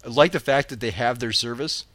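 A man co-hosts a casual podcast, joking around and laughing easily. His voice sits at an ordinary middle pitch. The sound is dry and close to the mic. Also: fairly quick, a bit bright, dry recording. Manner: jokey, laughs often. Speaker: podcast co-host. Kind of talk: casual chat.

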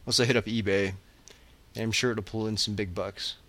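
A man's voice: fairly low pitch, fairly even intonation, fairly quick, bright, forceful tone. Jokey man co-hosting a podcast. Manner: jokey, laughs often. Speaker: podcast co-host. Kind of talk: casual chat.

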